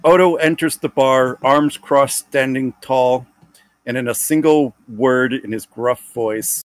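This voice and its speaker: A man narrating a tabletop role-playing game as its game master, in a slow, measured way. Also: mid-range voice, no echo.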